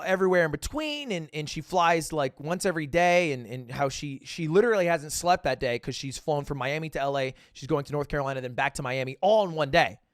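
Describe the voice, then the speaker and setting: Animated young man telling a story. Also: smooth, no echo, studio quality. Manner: animated, swings between loud bursts and low asides; acts out quoted dialogue. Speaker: livestreamer. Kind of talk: casual storytelling to chat.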